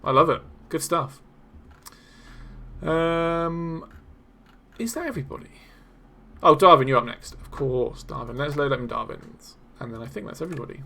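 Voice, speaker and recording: A young man hosting a live developer stream, reacting excitedly to community builds while he plays and talks to chat. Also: on the high side, normal speed, vocal fry, long pauses.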